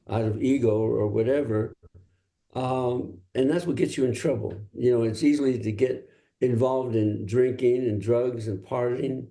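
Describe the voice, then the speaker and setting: An older singer-songwriter from Los Angeles, with a mellow, medium-pitched voice, is a guest in a casual interview. He tells easygoing, rambling stories.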